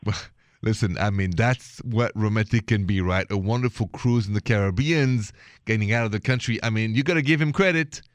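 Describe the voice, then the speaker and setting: A man's voice: fairly low pitch, a little fast, dry recording. A man with a French accent hosting a call-in radio show about relationships, chatty and suave, laughing easily. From France.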